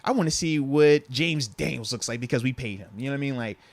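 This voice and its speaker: A man hosting a casual sports podcast, relaxed and slangy, talking into a lapel mic. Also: mid-range voice, fast talker, no room sound. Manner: laid-back, slangy, says "bro" and "man". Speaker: podcast host.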